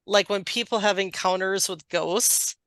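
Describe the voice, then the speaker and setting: A woman's voice: medium pitch, a little slow, fairly bright tone, dry recording. A woman channeler chatting casually after a session, full of laughter and "like" fillers. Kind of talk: casual chat.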